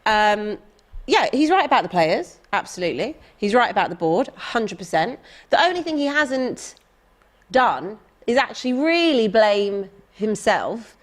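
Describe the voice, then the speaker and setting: A woman talks football on a chat show, making firm, assertive points as she debates with her co-hosts. Her voice sits at an ordinary middle pitch. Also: big pitch swings, a little slow. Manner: firm, argumentative. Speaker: football pundit, Tottenham fan.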